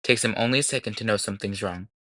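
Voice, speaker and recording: A man narrating a novel aloud in a measured, descriptive way. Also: on the low side, a bit bright, no room sound. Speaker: audiobook narrator. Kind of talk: scripted audiobook narration.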